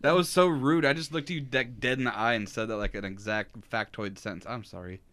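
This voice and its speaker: A man's voice: mid-range voice, a little fast, a bit bright. A young man co-hosting a podcast, full of jokey, over-the-top banter. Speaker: podcast co-host. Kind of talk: casual chat.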